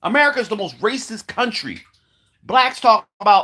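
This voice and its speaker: A man's voice: high voice, lively intonation, normal speed, pushed and bright. A man delivering a heated, profane monologue, repeating himself as he rants. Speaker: commentator. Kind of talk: ranting monologue.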